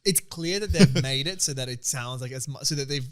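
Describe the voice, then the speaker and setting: A young Australian man co-hosting a podcast, asking excitable questions and telling stories into a studio microphone. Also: mid-range voice, a little fast. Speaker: podcast co-host. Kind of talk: casual chat.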